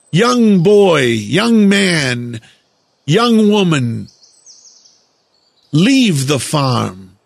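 A man delivering a slow, deliberate lecturing monologue, drawing out words for emphasis. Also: fairly high pitch, fairly bright tone, dry recording. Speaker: speaker giving a monologue lecture.

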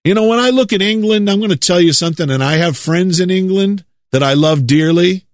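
Emphatic preaching man, higher voice. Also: no room sound, clean studio sound. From United States. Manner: emphatic, drawn-out stresses, repeats words for effect. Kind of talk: preaching monologue.

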